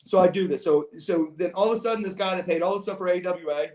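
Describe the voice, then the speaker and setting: A man's voice: sits high, fast, a little mellow. A man guesting on a podcast, telling long meandering stories and often repeating his words. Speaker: podcast guest, former pro wrestler. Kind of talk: rambling storytelling. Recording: roomy echo.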